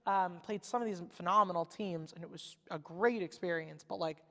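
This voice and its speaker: A woman's voice: fairly low pitch, moderate pace, pushed and bright, long reverb tail. A woman in her twenties, a guest on a casual podcast, talking in a chatty way with lots of "like" fillers. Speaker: podcast guest, former college softball pitcher. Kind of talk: casual chat.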